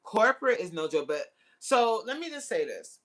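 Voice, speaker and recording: A woman in her forties hosting a casual livestream and chatting with viewers. She is slangy and laughs often, with sudden jumps into high exclamations. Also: sing-song, normal speed, a bit bright. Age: 40s. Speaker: livestream host. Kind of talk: casual live chat reading viewer comments.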